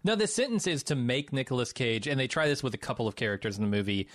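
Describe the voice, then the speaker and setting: A man's voice: mid-range voice, lively intonation, quick pace, fairly bright tone, dry recording, clean studio sound. A man co-hosting a podcast, picking a film apart in sardonic, profane casual chat. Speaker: podcast co-host.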